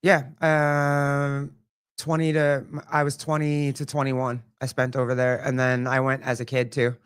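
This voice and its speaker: A man in his thirties, a guest on a casual podcast, laid-back and quick to laugh. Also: mid-range voice, monotone, smooth, no echo, clean studio sound. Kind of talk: casual chat.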